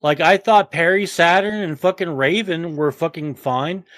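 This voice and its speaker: Profane, rambling man, fairly high voice. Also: normal speed, a bit bright, dry recording, studio quality. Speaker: podcast host. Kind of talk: casual chat.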